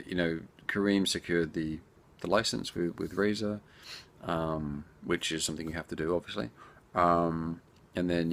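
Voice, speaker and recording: Low-voiced man in chatty viewer Q&A. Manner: chatty and rambling, talks straight to viewers. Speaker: indie game developer answering viewer questions. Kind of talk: casual Q&A chat.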